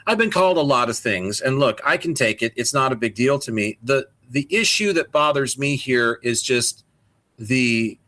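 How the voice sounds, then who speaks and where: A man's voice: medium pitch, animated, moderate pace, sharp tone. A man co-hosting a casual podcast, rambling and swearing through exasperated rants. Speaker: podcast co-host.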